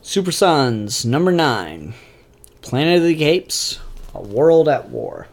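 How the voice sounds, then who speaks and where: A man's voice: on the high side, sing-song, slow. Male comic reviewer, laid-back rambling chat, blunt opinions, lots of ums. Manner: rambling, opinionated, frequent fillers.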